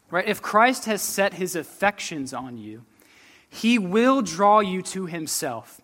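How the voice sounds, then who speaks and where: A man's voice: sits high, a bit bright. A man preaching a sermon with earnest conviction, often repeating words and asking "right?" as he reads and explains Scripture. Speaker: pastor.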